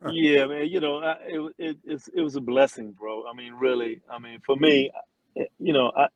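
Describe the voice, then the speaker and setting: A middle-aged man, an interview guest, telling a long story with lively quoted voices and many restarts. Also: medium pitch, normal speed, gravelly, lo-fi sound, crowd noise. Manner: animated storyteller, acts out quotes, frequent restarts. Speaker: interview guest, former football player and singer.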